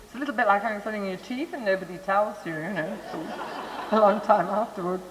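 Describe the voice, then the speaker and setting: A lecturer speaks into a microphone in a large hall, the voice trailing off into a long reverb. The delivery is a conversational lecture on Montessori education, thoughtful and chatty, with friendly asides to the audience. The pitch sits in a middle range. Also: fast talker, fairly bright tone, a faint crowd, a little hiss or hum.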